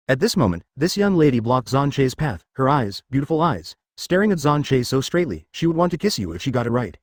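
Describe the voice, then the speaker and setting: A man narrating a web novel in a rapid, rambling reading style. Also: medium pitch, sing-song, dry recording, studio quality.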